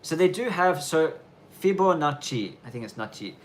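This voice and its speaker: A fairly high-pitched male voice with lively intonation moves at a moderate pace, set against slight background noise. He hosts a casual live question-and-answer stream from snowy countryside in Japan, rambling loosely with many fillers and restarts.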